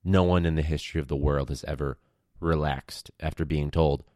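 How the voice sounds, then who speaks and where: Teacher guy podcasting solo, real low voice, dry close sound, laid-back and rambly with some swearing. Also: fairly even intonation, brisk, darkish tone, no room sound. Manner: rambling, wry, casual with slang and swearing. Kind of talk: casual solo podcast chat.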